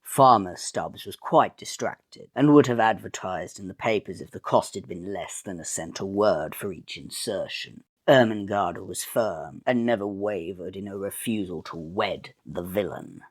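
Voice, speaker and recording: A man with a very low, deep voice reads a story aloud in a mock-dramatic, wry manner. The sound is close and dry, with no room to it. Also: measured pace, few pauses, no echo. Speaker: narrator. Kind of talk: melodramatic storybook reading.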